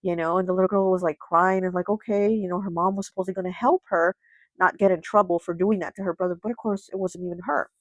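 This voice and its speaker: Speaking fast in a lowish, steady voice, the tarot channel host retells a folk tale in an easygoing, chatty style packed with "you know" and "like." The audio is dry and of poor quality.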